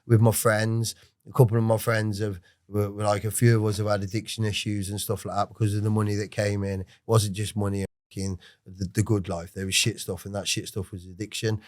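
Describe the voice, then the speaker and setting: A man's voice: on the low side, flat delivery, fairly quick, darkish tone, no room sound, clean studio sound. A man in his forties with an English accent, a podcast guest telling his life story in a rambling, swearing way with many restarts. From England. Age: 40s. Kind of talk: casual storytelling interview.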